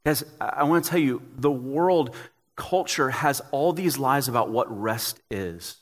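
A young man, a pastor, preaching a sermon in a relaxed, joking, storytelling way. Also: medium pitch, measured pace, big-room sound.

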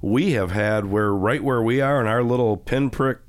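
A man's voice: mid-range voice, moderate pace. A middle-aged man hosting a radio show, chatting casually and joking in a rambling, self-mocking way. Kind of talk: casual studio banter. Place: radio studio.

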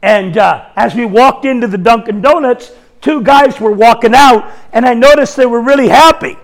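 Bold high-voiced male preacher, gravelly edge. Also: moderate pace. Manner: bold, humorous, laughing asides, acts out dialogue. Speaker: evangelist preacher. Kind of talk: charismatic sermon with storytelling.

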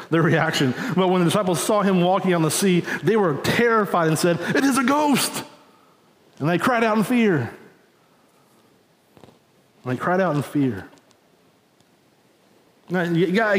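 A man with a fairly high voice preaches in a relaxed, storytelling way, often turning to the congregation with "right?" and "y'all." His voice rings through a reverberant church hall, and the long tail of the echo hangs after each phrase. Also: brisk. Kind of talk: conversational sermon. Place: church sanctuary.

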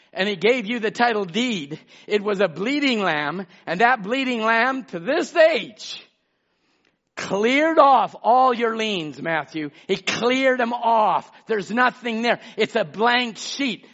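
High-voiced preacher on a dull lo-fi recording. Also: male voice. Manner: emphatic preaching, swinging between shouts and hushed asides; calls out congregation members by name. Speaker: pastor. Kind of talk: sermon.

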